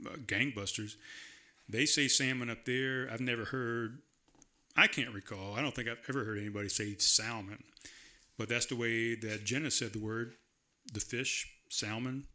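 A man's voice: medium pitch, pushed and bright. A man from South Carolina hosting a solo podcast, chatting in a rambling, self-amused way at his desk mic. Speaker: podcast host. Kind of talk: casual solo podcast chat.

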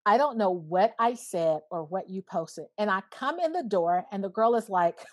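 A woman's voice: medium pitch, lively intonation, normal speed, no room sound. Earnest woman in her thirties, dry close sound. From Alabama, USA. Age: 30s. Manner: earnest, reflective, speaks in bursts with frequent "you know". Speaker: podcast guest. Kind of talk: casual conversation.

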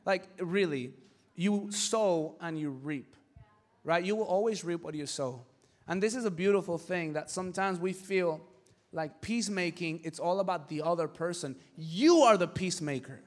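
Animated high-voiced male preacher. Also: moderate pace. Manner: animated storytelling with acted voices; emphatic, rising to shouts. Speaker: pastor. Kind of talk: sermon.

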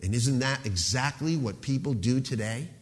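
A man's voice: medium pitch, normal speed. Male pastor, emphatic preacher leaning on key words, recorded in a church hall with a long echo. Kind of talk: sermon.

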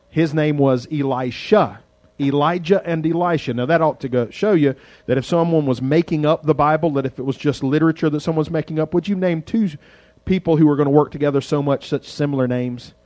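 A man's voice: on the high side, brisk, a little mellow, no echo. A man preaching a sermon on a street corner, chatty and joking, breaking off to pray when sirens pass. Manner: conversational, joking asides. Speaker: pastor.

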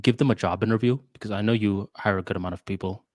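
A man's voice: lowish voice, fairly even intonation, quick pace, darkish tone, no room sound. A man co-hosting a podcast, talking candidly in casual chat. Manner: candid, short interjections. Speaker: podcast co-host.

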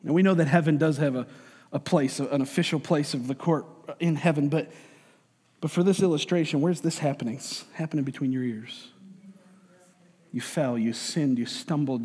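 A man's voice: a little high, fairly quick, a little mellow, slightly rough, in a large hall. A man preaching a sermon as a pastor, conversational and joking, acting out voices to make his points.

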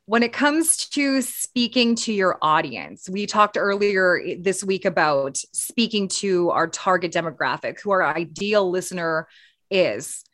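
Speaking in a lowish, expressive voice that's a bit bright, this Canadian radio broadcaster takes her time. On the podcast she co-hosts, she shares speaking advice conversationally, with fillers and restarts, in clean studio sound with no room noise.

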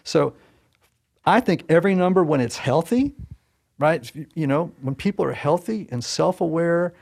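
A man's voice: on the high side, expressive, normal speed, gravelly, darkish tone. A man from Southern Connecticut co-hosting a podcast, talking in a thoughtful, chatty way with many "you know" fillers. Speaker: podcast co-host. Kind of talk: casual podcast chat.

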